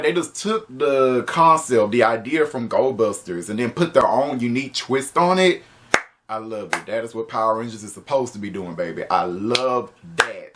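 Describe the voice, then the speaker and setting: Animated, laughing male reviewer. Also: mid-range voice, noisy background. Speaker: video reviewer. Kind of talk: casual spoken review.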